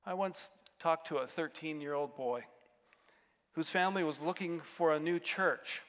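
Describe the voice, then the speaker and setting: A man preaching a sermon as pastor of a church, earnest, swinging between emphatic rises and quiet drops. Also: a little high, a little slow, big-room sound.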